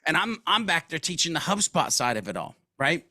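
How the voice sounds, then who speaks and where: A man speaks as an interview guest, his voice bright and forward. He tells stories in a casual, slangy way and acts out other people's lines. The sound is dry and close, with no room echo. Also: on the high side, brisk. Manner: animated storyteller, casual slang, acts out quotes. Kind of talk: conversational business interview.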